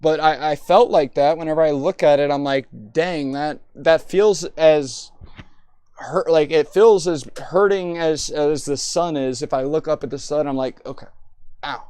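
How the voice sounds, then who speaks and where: A woman's voice: deep voice, a little slow, warm tone, clear, resonant tone, no echo. A young woman live-streaming and chatting casually, talking in a playful, rambling, silly way.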